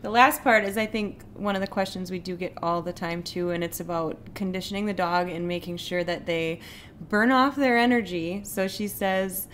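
A woman's voice: fairly low pitch, normal speed, fairly bright tone, slight background noise. A woman co-hosting a podcast, chatting casually and reading out listener questions. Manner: engaged, reads out listener questions. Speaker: podcast co-host.

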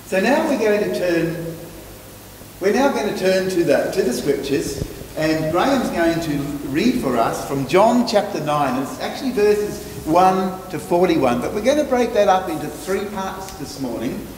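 An Australian man preaching a sermon as minister, measured and stumbling over his words now and then. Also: high-pitched, very animated, darkish tone, slight background noise. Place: church hall. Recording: echoey church hall from far off.

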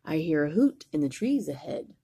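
An older woman voicing a big, hungry, clumsy male monster in a storybook read-aloud, with slow, heavy delivery. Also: sits low, very animated, dark tone, breathy edge, full character voice.

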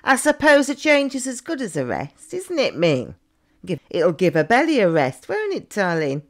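A woman's voice: medium pitch, wildly swooping pitch, moderate pace. A woman, chatting cheekily as she reacts to videos, full of teasing asides. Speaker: reaction vlogger. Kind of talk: casual reaction commentary.

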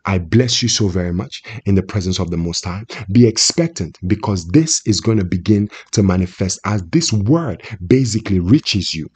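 A husky-voiced man preaching a prophetic sermon. His delivery is emphatic, with a lively rise and fall, as he repeats phrases and fires questions at his listeners. His voice sits on the lower side. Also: moderate pace, hardly any pauses.

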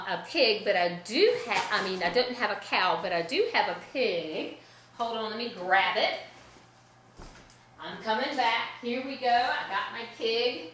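A woman music teacher leading a children's sing-along lesson in a gentle, chatty way, often stopping to correct herself. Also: mid-range voice, echoey room, a little hiss or hum.

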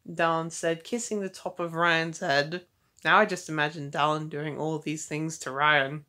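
Teenage girl, fanfiction reader, lowish voice, halting restarts, dry asides. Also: level tone, bright, forceful tone, rough recording. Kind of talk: casual fanfiction reading with asides. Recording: faint background noise.

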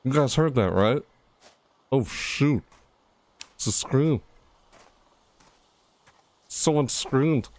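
A man casually commenting on his horror game playthrough, jumpy and excitable, talking to viewers and reading game prompts aloud. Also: medium pitch, takes it slowly, pauses often. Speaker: gameplay streamer.

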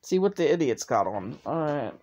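A woman's voice: sits low, very animated, moderate pace, warm tone, dull audio. A woman vlogger in casual chat, talkative, often laughing and swearing freely.

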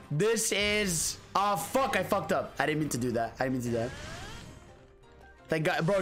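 A high-voiced man commentating his own gameplay in an excitable rush, swearing and tossing "bro" into nearly every line. His pitch leaps around constantly. Faint music plays underneath. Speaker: gaming streamer. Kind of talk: excited let's-play commentary.

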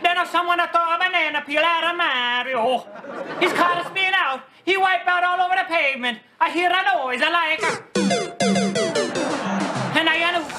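A squeaky Italian plumber witness. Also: male voice, moderate pace, over music. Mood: sketch witness. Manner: broken English, thick put-on Italian accent.

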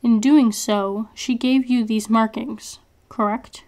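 A woman voicing a cold, menacing male interrogator who taunts in a calm, almost sing-song way. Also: a little high, slow.

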